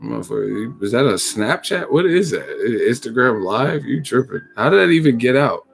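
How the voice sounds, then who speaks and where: A man's voice: medium pitch, very animated, moderate pace, gravelly, breathy edge. A man riffs on boxing news during a casual livestream. He swears freely and laughs often. His voice sits mid-range, with faint music in the background. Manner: profane, joking, laughs a lot. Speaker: boxing YouTube host.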